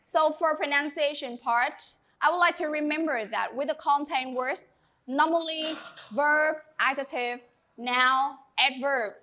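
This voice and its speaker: High, bright-voiced woman teaching class. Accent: Vietnamese. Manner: slow, deliberate instructions to students. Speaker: English teacher. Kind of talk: classroom lesson.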